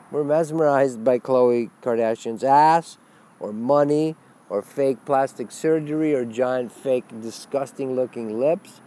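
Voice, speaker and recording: A man speaking as a spiritual teacher in a webcast monologue, blunt and animated, swearing freely. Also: mid-range voice, slow pace.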